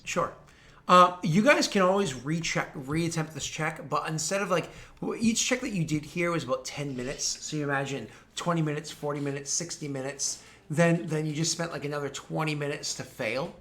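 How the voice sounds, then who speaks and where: A man's voice: fairly high pitch, normal speed, sharp tone. A man in his thirties from New England, narrating as game master in a loose, rambling way full of fillers.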